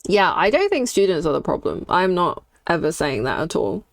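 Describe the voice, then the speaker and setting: A woman's voice: lowish voice, sing-song, moderate pace, no room sound. A young woman streaming while she draws, chatting candidly and reacting to her chat. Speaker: streaming artist.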